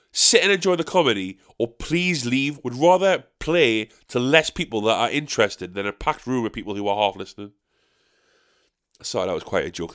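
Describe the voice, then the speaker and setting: Stand-up comedian from South Shields, man, North East English accent, exasperated ranting monologue, medium pitch. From South Shields, England. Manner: exasperated ranting, swearing, with sharp high-pitched "what?" outbursts. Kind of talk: casual monologue podcast.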